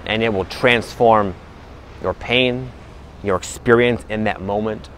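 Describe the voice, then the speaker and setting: A man giving a casual spiritual talk to his viewers, relaxed and rambling, with many fillers and restarts. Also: lowish voice, measured pace, slight background noise, poor audio. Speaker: spiritual vlogger.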